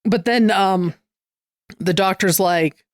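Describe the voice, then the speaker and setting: A co-host walks through a comic plot in a loose, relaxed way, with plenty of fillers along the way. The voice sits at a middle pitch. The recording is dry and close-miked. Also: slow pace, no echo. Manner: relaxed recapping, many fillers like "like". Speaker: podcast co-host. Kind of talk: casual comic book chat.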